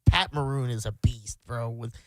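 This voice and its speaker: A man's voice: mid-range voice, moderate pace, no room sound. A man co-hosting a sports radio show, easygoing and agreeable in casual chat. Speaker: radio co-host.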